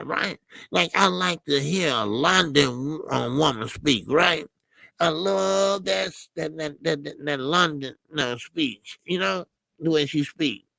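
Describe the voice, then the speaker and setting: A man with a gravelly, fry-tinged voice talks slowly and loosely, hosting a live boxing chat stream. He reacts to his viewers, trailing off into fillers and restarts, and the sound is dry and close. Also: on the high side, pushed and bright, dry recording. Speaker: boxing channel host. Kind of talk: casual live-stream commentary.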